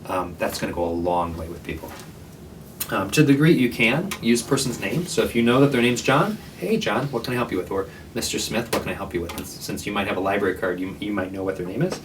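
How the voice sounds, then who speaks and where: Earnest low-voiced man giving advice. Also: far from the mic, a little hiss or hum, poor audio. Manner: casual, earnest, many fillers and restarts. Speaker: homeless shelter worker. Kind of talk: training talk to librarians.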